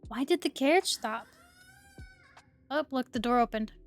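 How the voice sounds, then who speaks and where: A woman's voice: fairly high pitch, animated, unhurried. A young woman streaming a game, chatting casually and reading the game's text aloud in an amused way. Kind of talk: casual let's-play commentary. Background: faint lo-fi music.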